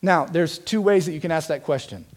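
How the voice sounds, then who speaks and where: Pastor guy giving a sermon, kinda high voice, earnest, keeps asking the crowd questions. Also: a little fast. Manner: earnest, emphatic, direct questions to the congregation.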